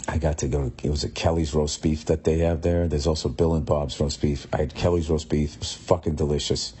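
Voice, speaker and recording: A man's voice: a bass voice, fairly even intonation, fairly quick, dark tone, slightly rough. A man telling an exasperated, profane comedic story on his podcast. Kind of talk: casual comedic rant.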